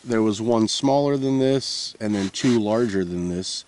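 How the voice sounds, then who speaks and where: A man's voice: fairly low pitch, measured pace, a little mellow. A man rambling casually at a winter forest camp, meandering with lots of uhs and restarts. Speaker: vlogger.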